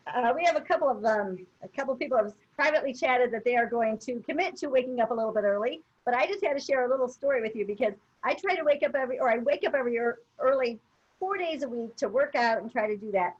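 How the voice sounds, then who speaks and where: A woman's voice: on the high side, quick pace, breathy edge, muffled recording. A woman co-hosting a motivational webinar, telling a personal story in a chatty way with many fillers. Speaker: webinar co-host. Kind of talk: casual motivational chat.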